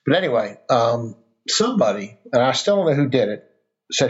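A man's voice: mid-range voice, big pitch swings, a little fast. Earnest rambling middle-aged man, lo-fi. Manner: earnest, rambling with restarts and fillers. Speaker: podcast guest. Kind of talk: casual storytelling conversation. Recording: dull lo-fi sound.

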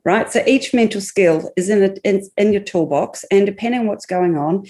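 A woman, a psychologist and podcast guest, explaining ideas in a measured way. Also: mid-range voice, warm tone. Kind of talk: podcast conversation.

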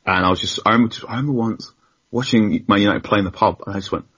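Young guy, really low husky voice, rambly self-deprecating stories, laughs a lot. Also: racing, a bit bright, muffled recording. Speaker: football journalist, guest. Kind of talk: casual storytelling interview.

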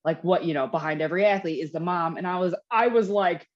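A woman's voice: lowish voice, quick pace. A young woman co-hosting a podcast in casual chat, rambling and peppering her talk with "like". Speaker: podcast co-host. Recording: dull lo-fi sound.

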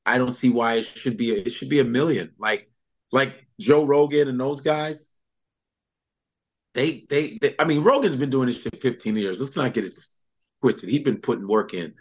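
A man's voice: medium pitch, moderate pace. A man who is a comedian, chatting casually in an interview, telling stories with lots of laughter. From Chicago comedy scene. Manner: animated storyteller, slips into impressions, laughs often. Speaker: comedian guest.

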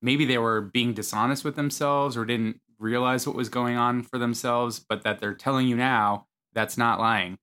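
A man co-hosting a casual podcast who explains points calmly and teases his co-host. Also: mid-range voice, normal speed, hardly any pauses, clean tone.

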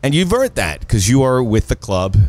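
A man's voice: mid-range voice, big pitch swings, moderate pace, a little mellow, no room sound. Man co-hosting a casual podcast. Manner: jokey, hypey intro delivery. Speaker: podcast co-host. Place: office building, top floor.

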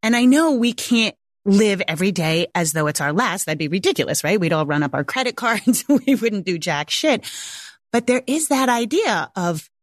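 A woman's voice: mid-range voice, animated, moderate pace, no echo. A woman in her forties, a homeschooling mother, telling a personal story to viewers in a candid, casual way, close to tears, swearing and laughing often.

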